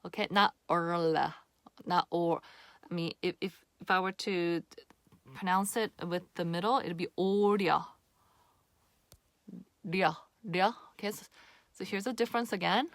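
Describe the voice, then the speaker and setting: A woman giving a casual pronunciation lesson to camera, patient and repeating sounds slowly for the viewer. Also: mid-range voice, a bit bright, dry recording. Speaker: Korean pronunciation teacher.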